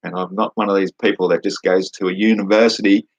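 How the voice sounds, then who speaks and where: Blunt, sweary Australian man, husky voice. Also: low-pitched, steady tone, fast talker, no room sound, rough recording. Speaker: vlogger answering comments. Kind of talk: combative ranting monologue.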